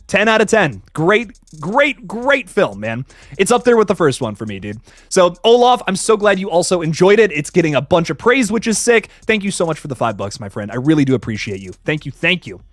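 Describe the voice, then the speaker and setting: Young man, live-stream host, casual excited chat, high voice, very lively pitch. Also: no room sound. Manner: excitable, swears, greets chatters by name. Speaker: livestream host reviewing films.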